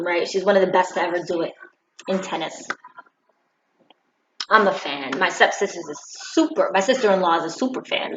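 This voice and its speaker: A woman's voice: on the low side, dull audio, a little hiss or hum. Brief: woman vlogger, impassioned and preachy, swooping voice, roomy room sound. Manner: preachy, animated, acts out quotes. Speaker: commentary vlogger. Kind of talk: opinion vlog monologue.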